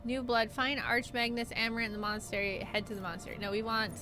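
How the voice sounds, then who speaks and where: A woman's voice: on the high side, level tone, fast talker, noisy background. A young woman streaming a video game, chatting playfully and joking with her viewers. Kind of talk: casual gaming stream chat.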